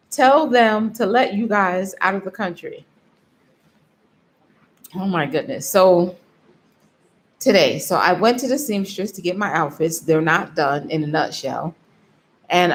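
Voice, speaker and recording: A tired woman vlogger telling a story in casual chat, emotional and yawning, with frequent laughs. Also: fairly low pitch. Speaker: vlogger on a live stream.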